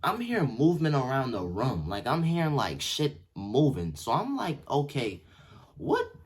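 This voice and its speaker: Animated young man telling a wild story. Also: normal speed, breathy edge. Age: young adult. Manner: slangy, swings from yelled quotes to low mutters. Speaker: vlogger.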